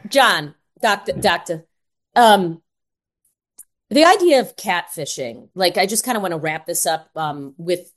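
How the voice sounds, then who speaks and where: Chatty animated woman podcast co-host. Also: on the low side. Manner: animated, fillers like "like" and "um". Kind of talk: casual podcast chat.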